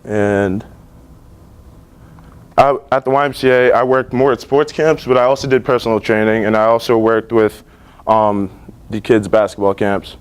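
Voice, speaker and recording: A young man in his late teens giving a class presentation about his internships, earnest and relaxed, with many fillers and restarts. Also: fairly low pitch, moderate pace, clean tone. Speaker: student presenter. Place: school library.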